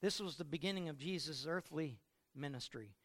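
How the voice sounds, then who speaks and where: A man's voice: fairly high pitch, moderate pace, fairly bright tone. A middle-aged man preaching a sermon with playful storytelling, acting out scenes. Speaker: pastor.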